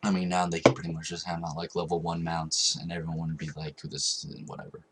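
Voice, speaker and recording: A young man vlogging in a casual storytelling style, with a low, husky voice. He rambles on, with frequent ums, uhs and self-corrections. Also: flat delivery, fast.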